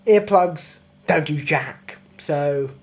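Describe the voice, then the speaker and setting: A man's voice: fairly high pitch, very slow. A young man ranting in a sweary, indignant video diary with exaggerated complaints. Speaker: vlogger.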